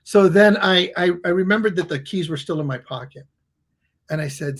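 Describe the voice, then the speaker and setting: A middle-aged man with a high, light voice tells a personal story as a podcast guest. He talks in a loose, conversational way and acts out the people in his story with sudden loud exclamations. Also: quick pace. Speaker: guest, coach and author.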